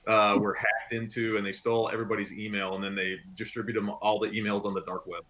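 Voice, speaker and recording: Rambling man with a bright voice. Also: fairly low pitch, level tone, fast, a little hiss or hum, poor audio. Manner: rambling, hesitant, swears. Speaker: tabletop game player. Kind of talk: casual chat among friends.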